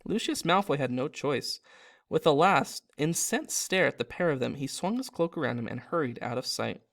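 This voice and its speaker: Animated man reading a storybook. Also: fairly high pitch, moderate pace, vocal fry. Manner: animated, with slips and self-corrections. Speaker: narrator and author. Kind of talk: reading a fan parody storybook aloud.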